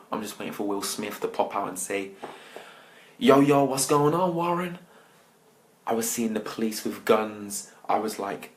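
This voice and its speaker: An English motivational speaker tells his story with a lively, acted-out delivery and a fairly low voice. He often turns straight to the listeners. A faint hiss runs under the recording. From England. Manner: lively, acts out scenes and talks to listeners directly. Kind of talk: storytelling talk.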